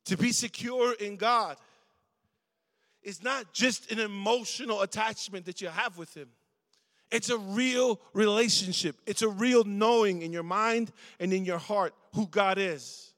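A middle-aged guest preacher at a youth service delivers a casual, conversational sermon, often pausing to get the young crowd to respond. His voice is high for a man and fairly bright, ringing with the long reverb of a big church hall.

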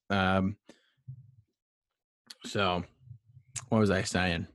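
A young man with a deep voice talks while still out of breath, his words carried on heavy breaths as he rambles with "um"s through a solo podcast. The recording is dry and close. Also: steady tone, a little slow, no echo. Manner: rambling, filler-heavy, self-deprecating. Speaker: solo sports podcast host. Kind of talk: casual rambling sports podcast.

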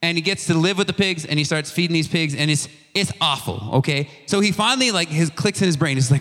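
A young man giving a casual youth sermon, telling a story in a conversational, animated way with slang and restarts. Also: a little high, fast talker, few pauses. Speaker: youth pastor. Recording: long hall reverb.

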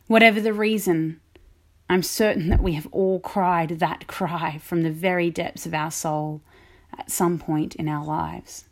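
A woman vicar giving a reflective, measured sermon. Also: on the low side, fairly even intonation.

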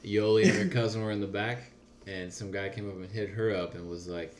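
A laid-back man with a fairly low voice tells a story in casual chat, acting out each line of dialogue. The room is roomy, with a faint hiss of noise underneath. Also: fairly even intonation, brisk. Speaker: podcast co-host.

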